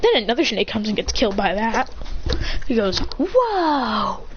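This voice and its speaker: A woman's voice: medium pitch, fairly quick, lo-fi sound, background noise. A woman in casual storytelling, animatedly retelling a fan story and acting out lines and sound effects.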